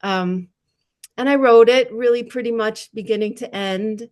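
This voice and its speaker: A woman's voice: on the high side, unhurried, darkish tone. A woman novelist on a panel discussion, talking in a reflective, self-deprecating way and laughing at herself.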